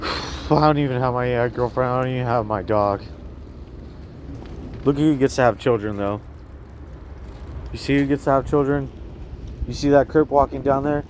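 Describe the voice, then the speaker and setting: A man's voice: mid-range voice, moderate pace, pauses often, darkish tone, slight background noise. Agitated man rambling on a street. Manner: agitated, repetitive, keeps asking the viewer "you see that?". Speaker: vlogger. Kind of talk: rambling self-filmed monologue.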